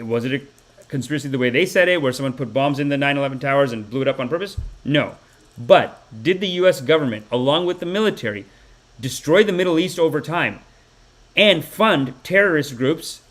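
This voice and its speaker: A Canadian man in his thirties hosts a live-stream podcast of satirical commentary, with a slightly high voice. He's profane and animated, swinging between loud outbursts and mumbled asides.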